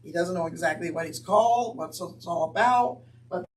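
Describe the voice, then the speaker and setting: A man's voice: high-pitched, moderate pace, distant mic, poor audio. A man teaching on scripture in an earnest, conversational way with wry asides. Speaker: Bible teacher. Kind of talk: Bible teaching talk.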